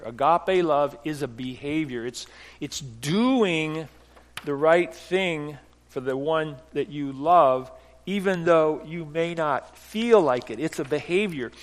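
A middle-aged man preaches in earnest, his voice sitting fairly high for a man. He drops to a near-hush and rises again to firm emphasis, with frequent restarts. Long reverb from a church hall trails after each phrase. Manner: earnest storytelling with restarts, swinging from hushed to emphatic. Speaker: pastor. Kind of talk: sermon.

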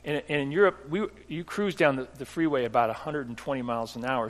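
A middle-aged man preaching a sermon, telling a personal story earnestly, with restarts, dropping to a hush and then rising to emphasis. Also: medium pitch, fast, few pauses. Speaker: pastor. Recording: long hall reverb.

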